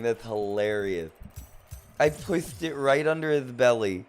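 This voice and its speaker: A man's voice: medium pitch, lively intonation, measured pace, a little hiss or hum. A man casually commentating his own gameplay on a live stream, playfully teasing his chat. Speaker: gaming streamer.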